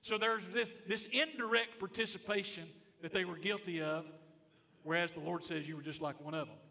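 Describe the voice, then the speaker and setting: A man delivers a sermon from the pulpit, his voice high-pitched and bright. He presses each point by repeating it and quizzing the congregation. The church hall carries a long reverb behind him. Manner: emphatic, repeats phrases, asks the congregation questions. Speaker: pastor. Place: church sanctuary.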